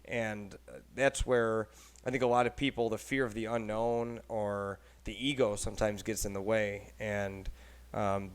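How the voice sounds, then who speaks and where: Rambling, animated man hosting a podcast. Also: on the low side. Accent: Texan. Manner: loose, rambling and animated, swears casually. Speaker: podcast host. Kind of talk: casual podcast chat.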